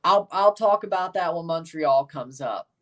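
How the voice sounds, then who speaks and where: A livestream host ranks soccer kits in casual chat, his fairly high, expressive voice moving at a normal speed and captured from a distance. He rambles a bit off-mic, talks with viewers, and turns loud and emphatic whenever he passes judgment.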